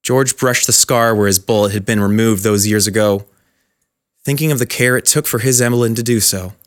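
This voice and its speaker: A man narrating a dramatic short story in a measured, scripted way. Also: fairly low pitch.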